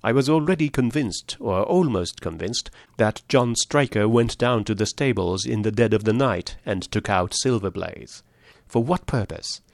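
A man reading a story aloud, voicing a shrewd male detective who lays out his deductions in a measured, precise way. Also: fairly low pitch, expressive, vocal fry, no echo, studio quality. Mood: explaining.

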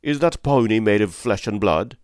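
A stern, upright gentleman of the old country estate, read by a man in a low voice. He speaks with grave, measured reproach, every word carrying moral weight. The voice is dry and close, with no room around it. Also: lively intonation, dry recording. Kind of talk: audiobook character reading.

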